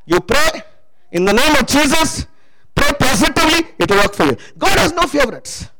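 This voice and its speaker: A man's voice: very high voice, huge pitch swings, normal speed, creaky, sharp tone, rough recording. A man preaching a sermon testimony, emphatic and calling out to the congregation for responses.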